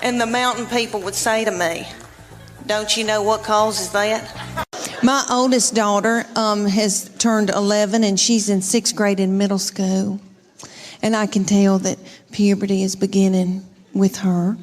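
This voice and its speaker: A woman's voice: mid-range voice, flat delivery, normal speed, faint music behind. A woman, telling folksy, self-mocking stand-up stories. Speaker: stand-up comedian. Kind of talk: stand-up storytelling.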